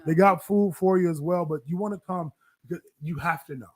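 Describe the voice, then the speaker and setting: A man's voice: sits high, normal speed. A man hosting a community radio podcast, talking emphatically, repeating his phrases and laughing often. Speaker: podcast host. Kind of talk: energetic radio talk.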